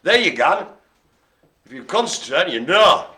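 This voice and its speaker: A man calls bingo with plenty of bouncy, swooping pitch. His voice is bright and forceful, and he keeps drifting into jokey asides with a helper. It sounds like casual live-stream banter. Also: very animated, measured pace. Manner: jokey and rambling, talks to a helper off-mic. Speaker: bingo caller and host.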